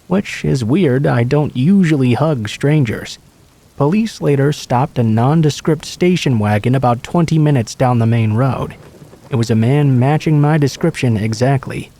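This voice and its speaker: Calm male horror story narrator. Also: mid-range voice. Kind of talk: scripted narration of a true scary story.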